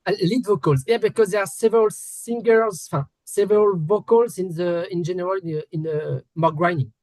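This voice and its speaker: French man interviewing in halting English. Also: high-pitched, a little mellow, no echo. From France. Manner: hesitant, restarts often, polite apologies.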